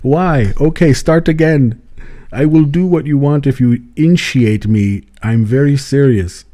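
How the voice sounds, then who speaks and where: A man's voice: mid-range voice, warm tone, voice pushed up, lightly acted. A man putting on the voice of an eager young man who pleads in broken English to be let in. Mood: pleading. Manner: slow, insistent pleading.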